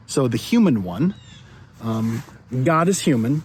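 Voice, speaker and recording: A man's voice: a little high, expressive, normal speed, darkish tone, slight background noise. Conversational male pastor giving a devotional. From United States. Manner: conversational, restarts and repeats words. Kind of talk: devotional talk.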